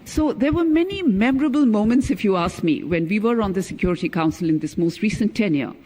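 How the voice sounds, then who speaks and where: Emphatic high-voiced diplomat speaking. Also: male voice, animated, mellow. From India. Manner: emphatic, stresses key words, measured delivery. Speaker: former ambassador, conference speaker. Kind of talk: formal keynote speech.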